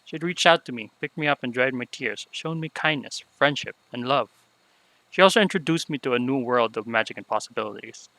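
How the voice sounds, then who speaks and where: A man reading aloud the lines of a remorseful young female unicorn showmare from a game, in a soft, subdued voice. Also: medium pitch, animated, a little fast, no echo, poor audio.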